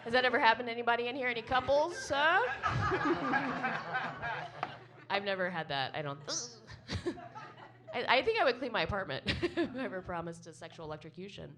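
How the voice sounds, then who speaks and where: A woman's voice: big pitch swings, moderate pace, pauses often, crowd noise. A woman comedian doing a chatty, self-mocking stand-up set to a live audience in a small club. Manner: chatty, self-mocking, with swoops into high silly voices.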